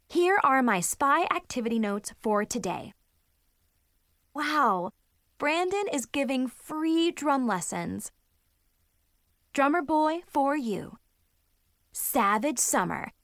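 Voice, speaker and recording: A woman's voice: sits high, dry recording, studio quality, full character voice. A woman narrating an audiobook as a chatty, dramatic teenage girl diarist, gushing and melodramatic with playful asides. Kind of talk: audiobook narration in first person.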